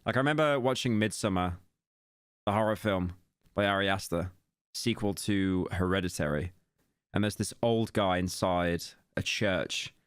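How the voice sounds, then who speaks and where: A man's voice: sits low, moderate pace, clear, resonant tone, no echo, studio quality. A young British man rambling casually while reacting to a video on a live stream. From Britain. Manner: rambling, self-interrupting banter.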